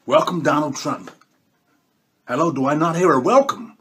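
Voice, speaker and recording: A man's voice: on the high side, normal speed, fairly bright tone, slight background noise, close to an everyday voice. A man doing a comic impression of a boastful, bossy male world leader who keeps tacking "okay?" onto his lines. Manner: bragging, bossy, repeats "okay?".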